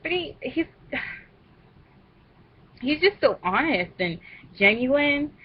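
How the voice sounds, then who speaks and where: A young woman casually discussing a book she read, talking in an animated, rambling way. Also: high voice, very slow, muffled recording. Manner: animated, rambling, laughs at her own jokes. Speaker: vlogger reviewing a book.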